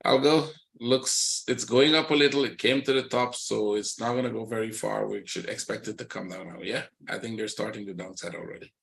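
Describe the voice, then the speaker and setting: A trading instructor with a low, slightly bright voice and some vocal fry runs a live webinar. He moves briskly through the charts, pointing out setups in a plain, matter-of-fact way.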